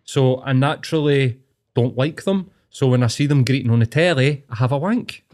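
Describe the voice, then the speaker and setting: Speaking at a normal speed in a middle-pitched voice, a young man with a Scottish accent gives blunt opinions and swears freely in a relaxed, casual chat.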